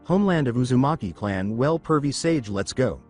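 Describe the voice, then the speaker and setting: A man voices a brash young boy ninja in a fan storybook telling. The lines are read plainly, with the pitch moving freely up and down. Faint music plays underneath. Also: animated, normal speed, darkish tone, lightly acted. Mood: determined.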